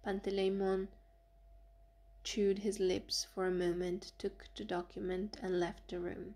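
A woman narrating an audiobook in an even, measured reading. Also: mid-range voice. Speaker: audiobook reader.

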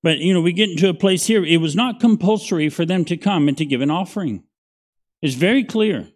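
A middle-aged pastor leads a Bible study, talking it through like a conversation with his congregation. His voice sits a little higher than most men's, and he keeps checking in with a quick "right?" as he goes. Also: animated. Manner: conversational, folksy, asks "right?" often.

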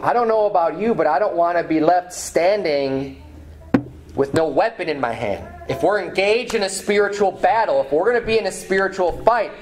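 A pastor preaching a sermon in church, reading scripture aloud with some restarts and fillers. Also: male voice, high-pitched, moderate pace, slight background noise. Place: church sanctuary.

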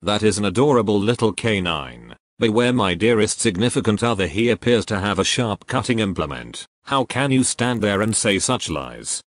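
Deep-voiced man, stiff formal comedy dub. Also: animated, moderate pace, hardly any pauses, no room sound. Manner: formal, overly wordy delivery. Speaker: voice actor dubbing a comedy sketch parody. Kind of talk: comedic dub of cartoon sketches.

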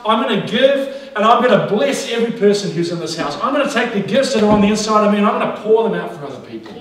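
Talking very fast, an energetic pastor with a high voice delivers a sermon full of exclamations and frequent laughter. He's recorded from a distance in a large church auditorium where the sound echoes heavily.

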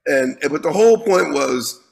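A man in his fifties, a guest musician telling a lively story in an interview, swearing freely and often restarting with repeated words. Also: fairly high pitch, moderate pace, creaky, rough recording.

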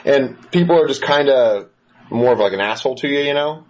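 A man's voice: medium pitch, brisk. A man co-hosting a podcast, telling a rambling, profane story in casual chat. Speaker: podcast co-host. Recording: muffled lo-fi recording with faint hiss.

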